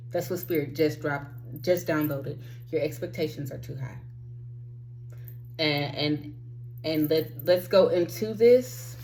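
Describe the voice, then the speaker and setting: Animated woman giving a fiery spiritual talk. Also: sits low, unhurried, a little hiss or hum, low-quality recording. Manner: emphatic, profane, preacher-like. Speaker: spiritual self-help host.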